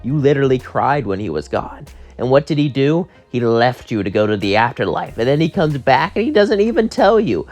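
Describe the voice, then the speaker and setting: A man voicing a gloating alien sorcerer in a high, taunting voice. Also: very animated, brisk, a little mellow, soft background music, close to an everyday voice.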